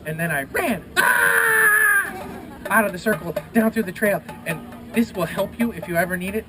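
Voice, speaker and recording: A high-voiced man spins a playful adventure tale for a festival crowd, gasping and throwing in whooshes and splashes as he goes. The recording is outdoors with plenty of background noise. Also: fast talker. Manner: lively, gasping, sound effects, quoting voices. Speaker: festival storyteller. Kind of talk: animated storytelling to a live audience. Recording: noisy outdoor live recording.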